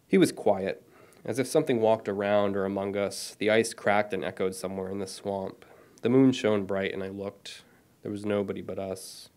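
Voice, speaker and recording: A man's voice: lowish voice, normal speed. A man in his thirties, an author, reading his own short story aloud at a lecture, with apologetic asides. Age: 30s. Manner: self-deprecating, apologetic asides between steady reading.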